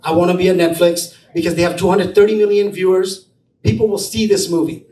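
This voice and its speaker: Man telling a lively story in an echoey room. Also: high voice, fast talker, far from the mic, slight background noise. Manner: animated storytelling, acting out quotes. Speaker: film producer. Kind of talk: storytelling talk at an event. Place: event space.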